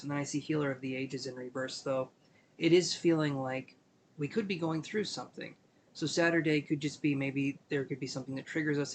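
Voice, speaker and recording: A man giving a live tarot reading, talking gently and meanderingly with many fillers, sleepy and yawning. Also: medium pitch, a little hiss or hum. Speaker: tarot reader.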